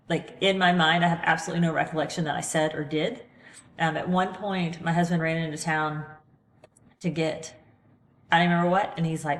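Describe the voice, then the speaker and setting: A woman hosting a podcast, talking earnestly and a little ramblingly about staying calm in a crisis, recorded in her living room. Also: lowish voice. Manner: earnest, rambling, self-deprecating. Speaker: podcast host. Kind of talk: reflective motivational talk. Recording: echoey room with long reverb.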